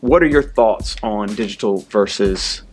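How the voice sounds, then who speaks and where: A man interviewing a colleague, speaking in a thoughtful, measured way. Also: on the low side, darkish tone, breathy edge. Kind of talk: conversational interview.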